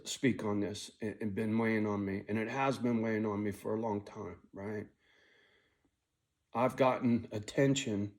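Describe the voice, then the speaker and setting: A middle-aged man telling a personal story in a blunt, casual way, swearing a lot and often tagging his lines with "right?". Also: lowish voice. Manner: blunt, heavy swearing, frequent "right?" tag; angry when telling the story, quiet and weary when reflecting.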